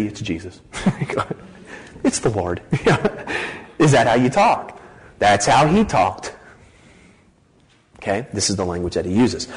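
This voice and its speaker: A man preaching a sermon, teaching through a chapter with lively emphasis, rhetorical questions and light joking asides. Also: medium pitch, poor audio. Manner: animated, rising emphasis with frequent rhetorical okays and light joking. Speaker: pastor.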